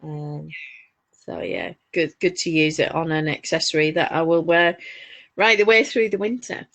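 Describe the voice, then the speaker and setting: A woman's voice: sits low, lively intonation, moderate pace, a bit bright. A woman with a Northern English accent, co-hosting a knitting chat, telling stories with rambling asides. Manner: chatty storyteller, rambling asides. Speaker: podcast co-host. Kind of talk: casual chat while knitting.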